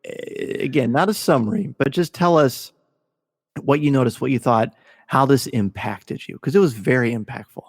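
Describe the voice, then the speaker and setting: A man hosts a casual podcast chat, telling his story with eager, gushing excitement. His voice sits at an ordinary middle pitch. It is close and dry, yet a long reverb trails behind it. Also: moderate pace. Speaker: podcast host.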